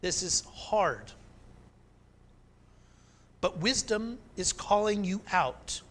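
Animated male pastor preaching. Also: high voice, drawn-out words. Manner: animated, climbing to emphatic peaks, then dropping soft. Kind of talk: sermon.

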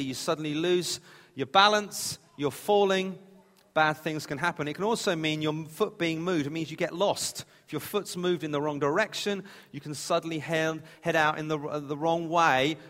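Conversational preacher in a reverberant hall. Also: male voice, a little high, a bit bright. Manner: conversational, plain-spoken, with restarts. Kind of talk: sermon.

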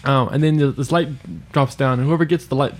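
A man's voice: medium pitch, steady tone, a little fast. A man co-hosting a podcast in casual chat, rambling and trailing off, laughing often. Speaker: podcast co-host.

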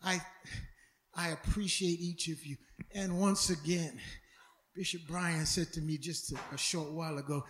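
A man preaching a sermon as pastor, dramatic, swinging from loud shouts to hushed tones and stumbling over repeated words. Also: fairly high pitch, fairly even intonation, moderate pace, echoey room, a little hiss or hum.

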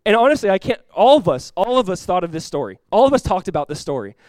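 A man, a pastor telling a lively personal story in a sermon, often laughing as he talks. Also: high voice, fast, no echo.

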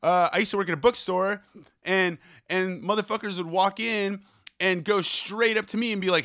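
Fast-talking profane young man ranting. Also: high voice, dry recording, clean studio sound. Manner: profane, fast, animated rant. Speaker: podcast host. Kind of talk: ranting solo podcast monologue.

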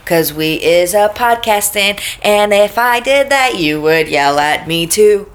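A woman's voice: medium pitch, lively intonation, unhurried, clear, resonant tone. A woman co-hosting a podcast in a casual chat, giggly and self-deprecating as she reads out thanks. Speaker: podcast co-host.

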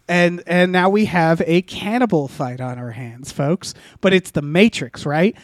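A man's voice: on the high side, unhurried, dry recording. Guy riffing a silly story on a podcast, lots of uh and restarts, dry close sound. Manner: rambling, full of uh and restarts. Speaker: podcast co-host. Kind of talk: improvised comic storytelling.

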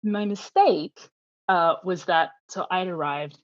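A woman guest telling a long story in casual chat, animated, laughing often and acting out the people she quotes. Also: lowish voice, takes it slowly, no room sound, muffled recording.

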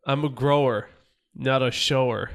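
A man's voice: mid-range voice, fairly even intonation, a little slow. A man co-hosting a crude, casual podcast, teasing and joking in banter. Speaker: podcast co-host.

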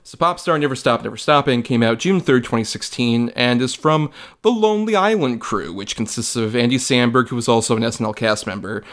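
A man's voice: medium pitch, lively intonation, brisk, a bit bright. A young man co-hosting a film review podcast, chatting casually with lots of filler words and the odd swear. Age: young adult. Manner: rambling, many filler likes, swears casually. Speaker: podcast co-host.

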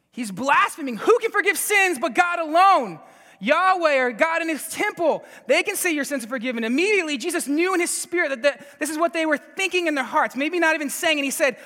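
A man preaching a sermon, energetic and laughing, with frequent stammered restarts. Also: very high voice, fairly quick, in a large hall. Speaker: pastor and Bible teacher.

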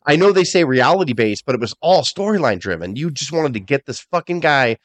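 Fast-talking man telling wrestling stories. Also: on the high side, no echo. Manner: animated storytelling, swears freely. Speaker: podcast co-host. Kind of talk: casual chat.

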